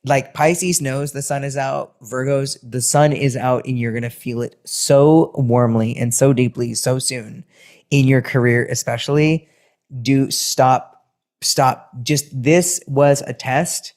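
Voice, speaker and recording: Animated sing-songy man reading tarot. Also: mid-range voice, measured pace. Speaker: tarot reader. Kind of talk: casual astrology and tarot reading.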